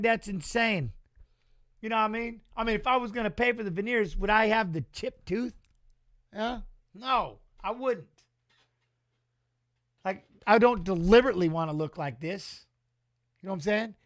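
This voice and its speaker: On a live watch-along stream, a high, bright-voiced man gives casual commentary on a fight. His talk is excitable, full of slang and jokes, as he reacts to what happens and to messages from chat.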